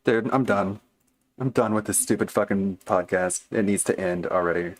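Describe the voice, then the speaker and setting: A male co-host with a fairly low voice, ranting bluntly about what he is watching. His speech is profane and fed-up in tone. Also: moderate pace. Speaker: co-host reacting to a stream. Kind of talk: casual rant.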